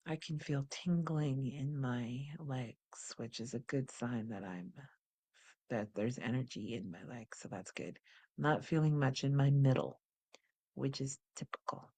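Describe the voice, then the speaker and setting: A woman hosting a guided wellness practice, calm and unhurried, describing her body sensations as she goes. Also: a bass voice. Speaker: host leading a guided practice.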